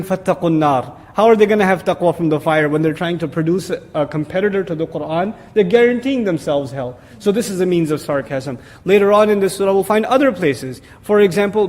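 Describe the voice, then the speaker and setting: Fast, high-voiced man teaching. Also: long reverb tail. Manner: animated, emphatic, sarcastic asides. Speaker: Quran teacher. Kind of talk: explanatory lecture.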